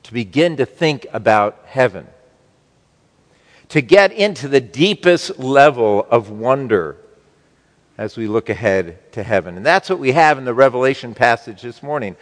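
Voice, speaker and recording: A man's voice: medium pitch, lively intonation. Man preaching in a reverberant sanctuary. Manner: slow, emphatic preaching with wide swings in loudness. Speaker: pastor. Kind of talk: sermon.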